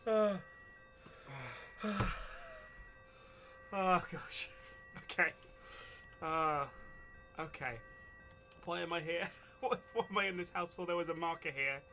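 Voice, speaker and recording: A man's voice: a little high, slow pace, pauses often, pushed and bright. Giggly male streamer over game music. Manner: giggly, rambling commentary on his own play. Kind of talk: casual live-stream chat.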